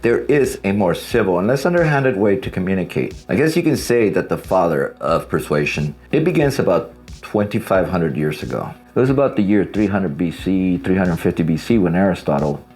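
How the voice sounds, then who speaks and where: Low-voiced guy coaching divorced men, blunt, swears, pitch all over the place, soft music under it. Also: lively intonation, a little fast. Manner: blunt, casual, swears freely. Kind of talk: direct-to-camera advice talk.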